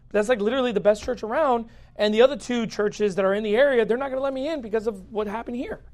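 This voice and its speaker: A man's voice: very high voice, quick pace, darkish tone. A man, a pastor, telling his personal story in a casual way, full of filler likes and laughing now and then. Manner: chatty, many filler likes, acts out quoted speech; laughs through parts of the story.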